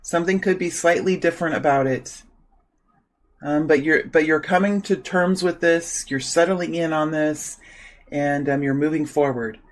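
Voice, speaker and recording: A man doing a solo tarot reading, speaking softly and repeating invocations while shuffling, with his morning voice. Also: fairly high pitch, fairly even intonation, moderate pace, low-quality recording. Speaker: tarot reader.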